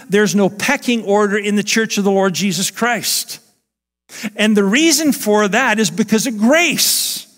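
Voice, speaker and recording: A man's voice: high voice, a bit bright, long reverb tail. A man preaching a sermon as pastor, earnest and emphatic, repeating his key phrases.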